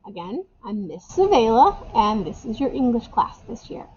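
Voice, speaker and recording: A woman's voice: a little high, big pitch swings, moderate pace, dark tone, slight background noise. Chatty woman teacher, muffled lo-fi sound. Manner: casual, chatty, repeats key phrases. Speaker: English teacher. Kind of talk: recorded class instructions for remote students. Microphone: webcam or camera microphone.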